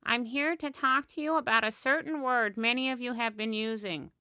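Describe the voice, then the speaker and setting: A woman plays a preachy older school nurse, stern and solemn, lecturing children on a dry recording. Her voice sits a little high and bright. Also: moderate pace, no echo.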